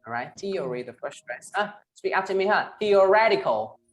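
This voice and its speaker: A male English teacher with a Vietnamese accent leads an online class. He models each word slowly and tags most phrases with "right?" or "huh?". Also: high voice, lively intonation, a crowd in the background. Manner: ends phrases with tag questions "right?" and "huh?"; slow, emphatic model pronunciations. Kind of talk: online class, pronunciation drilling.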